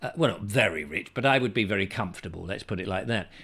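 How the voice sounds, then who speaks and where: A man's voice: fairly low pitch, animated, quick pace, creaky, fairly bright tone, husky. A middle-aged man hosting a casual chat show, rambling and reading viewer comments aloud. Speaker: host.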